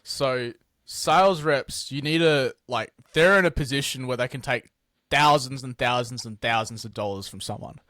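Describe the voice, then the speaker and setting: A man's voice: mid-range voice, moderate pace, no echo, studio quality. A man, a business owner guest, telling blunt, sweary stories in a casual interview. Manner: blunt, sweary, animated storytelling.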